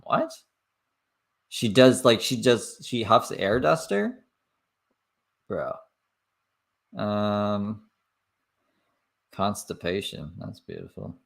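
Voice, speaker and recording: Gravelly, lively Canadian man reacting. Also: fairly low pitch, drawn-out words, long pauses. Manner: casual, swears, laughs between remarks. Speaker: reaction streamer. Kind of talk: casual reaction commentary.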